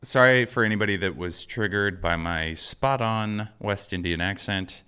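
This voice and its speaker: A man co-hosting a podcast in casual comedic chat, deadpan and teasing, reading listener emails aloud. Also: fairly low pitch, normal speed, clean tone. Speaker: podcast co-host.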